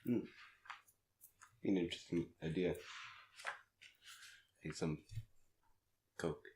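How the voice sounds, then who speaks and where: A man slightly raspy from a cold, rambling through a casual podcast chat as co-host and laughing at his own jokes. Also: sits low, takes it slowly, mellow, slight background noise. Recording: echoey room.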